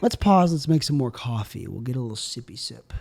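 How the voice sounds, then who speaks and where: With vocal fry and a fairly quick pace, a young male solo podcast host rambles through absurd bits in offhand deadpan, letting his pitch and volume drift.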